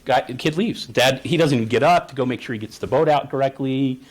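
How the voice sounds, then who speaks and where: A man's voice: medium pitch, brisk. Man telling stories in a conference talk. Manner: storytelling, acts out parent and child voices; conversational, asks the audience "right?". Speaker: therapist presenting at a conference. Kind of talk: conference presentation.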